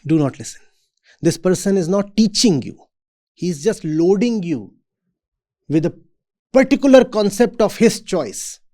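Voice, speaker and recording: A man giving a reflective talk to students as a spiritual teacher. He speaks in a deliberate, measured way. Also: sits high, lively intonation, mellow.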